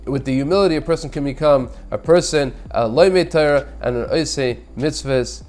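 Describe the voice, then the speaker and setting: A man's voice: mid-range voice, fairly quick, a little mellow. A rabbi giving a short Torah thought with a story. He is earnest and repeats words as he restarts his phrases.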